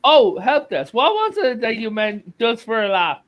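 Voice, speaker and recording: A man's voice: extremely high pitch, normal speed, low-quality recording. A man hosting a charity stream, chatting casually and swearing as he jokes with friends. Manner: animated, swearing, laughing. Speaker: stream host. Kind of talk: casual group chat.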